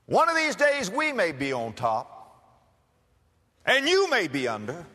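A preacher playing a seething, resentful farmer. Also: male voice, low voice, big-room sound, voice pushed down. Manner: grudging, seething, defiant. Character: bitter resentful Jewish farmer, a grown man.

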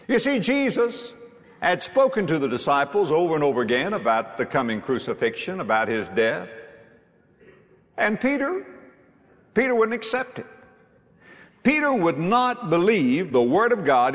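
A man preaching a sermon with emphasis, repeating key lines and reading scripture aloud. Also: on the high side. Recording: long hall reverb.

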